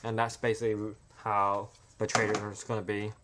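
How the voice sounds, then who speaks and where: Low-voiced man rambling through a pitch. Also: monotone, normal speed, background noise. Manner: rambling, full of fillers and restarts. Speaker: amateur filmmaker pitching a trailer.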